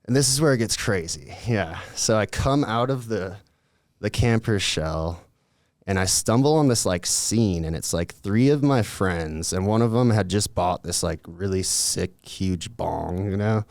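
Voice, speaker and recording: A young man tells a wild story in a loose, rambling way, with plenty of filler words and swearing. His voice is low and gravelly. The recording is dry and close. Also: lively intonation, a little slow, a little mellow, no echo. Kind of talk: casual storytelling.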